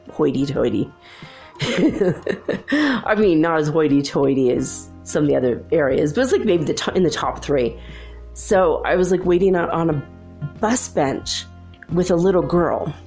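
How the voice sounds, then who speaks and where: A woman's voice: deep voice, gravelly, a little mellow. A woman hosting her own channel, telling a personal story in a casual, rambling way, correcting herself often and confiding earnestly. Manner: rambling, self-correcting, many fillers. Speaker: channel host.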